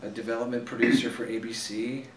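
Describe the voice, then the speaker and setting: Talking fast in a flat, medium-pitched voice, a man who works as an actor and director chats eagerly in a relaxed interview, never shy about self-promotion. The recording sounds roomy and distant, with faint ambient noise.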